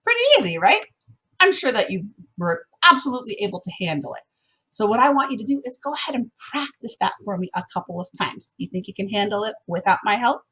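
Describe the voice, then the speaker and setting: A woman's voice: medium pitch, expressive, fast talker, pushed and bright, slightly rough. A woman music teacher giving an encouraging online lesson to first graders, sometimes singing the song examples.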